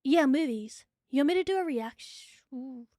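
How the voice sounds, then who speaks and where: Excitable New Zealand woman streamer, high bright voice, slightly breathless, dry mic. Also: normal speed, no room sound. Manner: excitable, chatty, swears freely. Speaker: VTuber streamer. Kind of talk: live stream chat.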